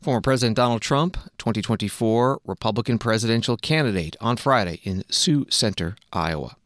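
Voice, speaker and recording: A male news anchor reading scripted news narration in a measured, neutral way. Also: on the low side, no room sound, clean studio sound.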